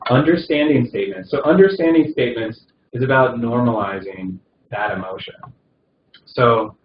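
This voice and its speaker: A man teaching a recorded session on palliative care, talking conversationally with many fillers and restarts. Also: fairly low pitch. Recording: dull roomy recording with faint noise.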